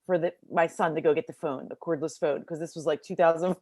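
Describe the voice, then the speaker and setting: Dry-voiced, animated middle-aged woman storyteller. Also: deep voice, quick pace, no echo. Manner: casual, lots of fillers like "like". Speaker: interview guest. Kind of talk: personal storytelling. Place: home bedroom.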